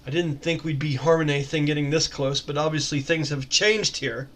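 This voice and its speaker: A man's voice: a little high, fairly quick, slight background noise, lightly acted. A man voicing a harried, blunt airship captain who barks orders under pressure. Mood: regretful.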